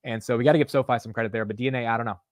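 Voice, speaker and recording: A young man hosting a casual stock market livestream, excitable and swearing freely as he riffs on prices. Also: mid-range voice, racing, no room sound, studio quality.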